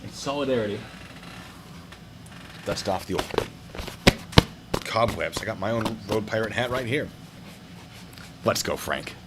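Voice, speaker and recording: A man's voice: on the low side, measured pace, long pauses, heavy background noise. A man hosting a video review show, talking casually and wandering into jokey tangents. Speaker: host reviewing traffic stop videos.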